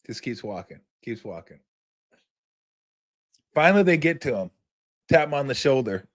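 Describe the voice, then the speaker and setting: Animated man telling a story. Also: fairly high pitch, moderate pace. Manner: animated, laughing storyteller with many fillers and restarts. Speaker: podcast host. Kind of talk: casual storytelling monologue.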